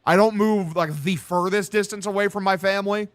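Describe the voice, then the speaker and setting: A man's voice: sits high, steady tone, fairly quick, no room sound. A young man streaming casual play-by-play of a baseball game, chatting and reading viewer comments with a casual, profane manner. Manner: casual, profane, reads chat aloud.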